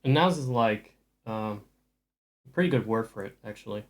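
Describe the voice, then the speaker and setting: A man's voice: on the low side, expressive, normal speed. A man streaming live and chatting casually with viewers, rambling with dry jokes and frequent restarts.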